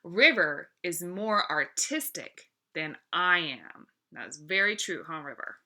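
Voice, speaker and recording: A woman teaching a grammar lesson, speaking clearly and encouragingly and drawing out each example word. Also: fairly low pitch, animated, slow, bright, forceful tone.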